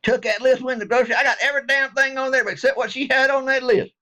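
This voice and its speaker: A middle-aged vlogger with a very high-pitched, steady, sharp voice talks fast and casually straight to camera. He jokes around with his viewers in a rambling, folksy way.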